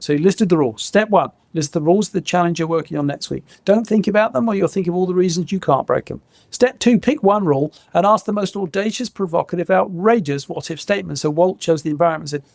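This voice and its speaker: Gravelly, animated middle-aged male storyteller. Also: sits high, fast talker, few pauses, no echo. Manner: lively, laughs often, acts out quotes. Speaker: guest, former innovation head.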